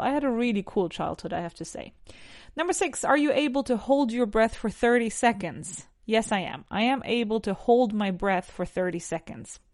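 A woman's voice: mid-range voice, a little mellow, no echo, studio quality. A woman with a Spanish accent teaching English on a podcast, asking numbered questions and answering them in full sentences.

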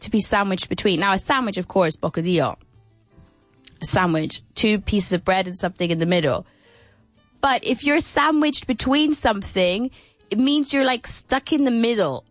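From a radio studio, a woman teaches English in a mid-pitched voice that sounds close and dry, at a moderate pace with no room sound. She's lively and playful, laughs often, and exaggerates a sing-song rise and fall on her questions, while faint music plays underneath.

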